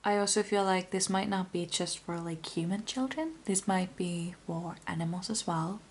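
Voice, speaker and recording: A young woman giving an intuitive pick-a-card tarot reading, speaking softly and often half-whispering, rambling with lots of fillers. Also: lowish voice, normal speed, slight background noise.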